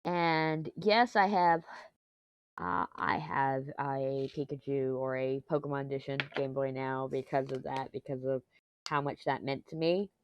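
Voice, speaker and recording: A woman, chatting casually and rambling on while she crafts, self-deprecating and quick to laugh, on a mic clipped to her shirt. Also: a bass voice, steady tone, clear, resonant tone, no echo. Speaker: diamond painting vlogger. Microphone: lapel mic clipped to t-shirt. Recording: dull, lo-fi, dry lapel sound.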